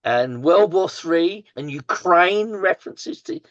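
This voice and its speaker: An older man, telling his story as an interview guest, halting with many fillers and restarts and the odd swear word. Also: high voice, lively intonation, a bit bright, no echo, dull audio. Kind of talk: candid storytelling in conversation.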